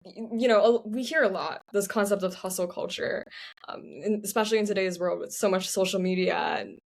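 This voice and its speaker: A woman hosting a podcast interview, affirming her guest and asking questions with gentle fillers. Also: medium pitch, a little fast, vocal fry. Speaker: podcast host. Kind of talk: interview conversation.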